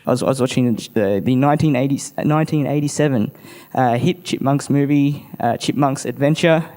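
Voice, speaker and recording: A man's voice: medium pitch, brisk, mellow. A man doing a laid-back, crude stand-up routine. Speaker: stand-up comedian.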